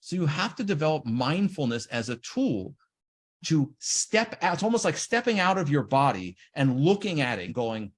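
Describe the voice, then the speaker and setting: A man giving an animated seminar talk on trading, acting out the inner voices of traders. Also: fairly high pitch, moderate pace. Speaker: trading educator.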